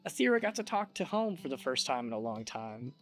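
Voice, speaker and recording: Relaxed man running a tabletop game. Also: mid-range voice, a little fast, soft background music. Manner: relaxed, rambling with fillers. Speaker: game master.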